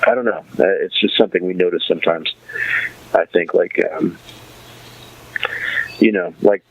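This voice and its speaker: A man's voice: low-pitched, steady tone, moderate pace, vocal fry, husky, lo-fi sound. A man hosting a podcast, chatting casually about a TV series and rambling through restarts and fillers. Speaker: podcast host.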